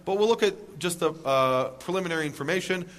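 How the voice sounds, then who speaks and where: A man's voice: a little high, expressive, a little fast, a bit bright. A man giving a lecture to a live audience, emphatic, asking rhetorical questions and making wry jokes.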